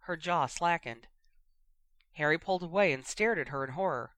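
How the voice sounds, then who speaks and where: Bright crisp storyteller reading a fanfic, dry close mic. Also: medium pitch, moderate pace, no room sound. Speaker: audiobook narrator. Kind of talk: fan fiction audiobook narration.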